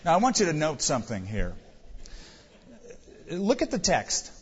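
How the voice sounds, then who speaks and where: Higher-voiced male preacher in a reverberant hall. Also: wildly swooping pitch, a little slow, a little hiss or hum. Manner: rhetorical questions and numbered points; sudden rises in pitch and volume for emphasis. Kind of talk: sermon. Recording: long hall reverb, dull lo-fi sound.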